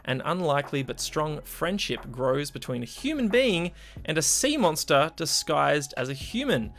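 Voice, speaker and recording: A man's voice: on the high side, very animated, moderate pace, a bit bright. A man hosting a live-streamed movie talk show, introducing it with an upbeat, announcer-like delivery. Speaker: podcast host. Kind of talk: casual live-stream chat.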